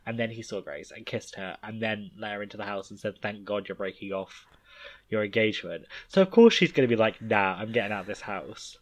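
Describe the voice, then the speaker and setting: A man's voice: fairly low pitch, flat delivery, a little fast, fairly bright tone. A man co-hosting a podcast, chatting casually about a book, rambling with lots of fillers and casual swearing. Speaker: podcast co-host.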